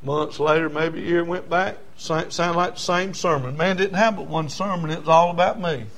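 A middle-aged man preaching a sermon and telling his own testimony, swinging from loud pleading to low hushed tones. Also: fairly even intonation, normal speed. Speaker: pastor.

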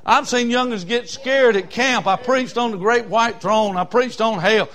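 A man preaching a sermon in a voice that sits high for a man. He tells folksy stories, building from soft asides to full shouts. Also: a little slow.

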